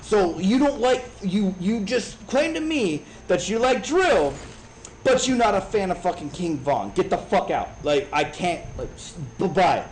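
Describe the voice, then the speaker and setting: A man in his thirties from Chicago, telling a profane, animated story in a casual rant while streaming a game. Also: high-pitched, a little slow, a little hiss or hum, low-quality recording. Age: 30s.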